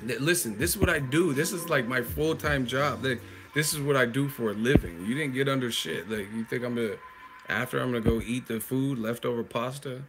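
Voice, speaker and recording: A man's voice: medium pitch, fairly quick, music in the background. A man hosting a live chat stream, roasting a viewer in a profane, mocking, laughing way. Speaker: livestream host.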